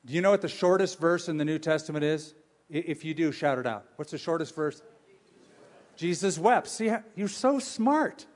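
Sex: man. Role: pastor. Style: sermon. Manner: animated, joking, asks the crowd questions. Pitch: fairly high for a man. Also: fairly quick. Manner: animated, humorous storytelling with audience questions.

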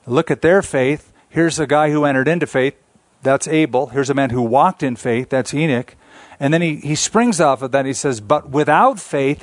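A middle-aged man, a pastor, preaching a sermon in an earnest way, slowing down to stress key points. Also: mid-range voice, no echo. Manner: earnest preaching, slows down for emphasis, small restarts.

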